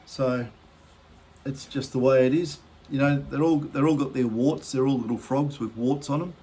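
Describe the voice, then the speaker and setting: A man's voice: medium pitch, steady tone, normal speed, warm tone, slightly rough. An Australian man hosting a detecting channel, giving rambling, blunt, self-deprecating opinions in a casual vlog.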